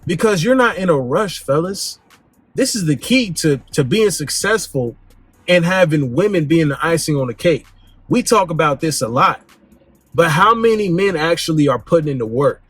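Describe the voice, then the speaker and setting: A man hosting a dating advice talk, speaking bluntly in slang and swinging his pitch up and down for emphasis. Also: animated, normal speed, fairly bright tone, slightly rough, no room sound. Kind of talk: casual direct-to-camera monologue.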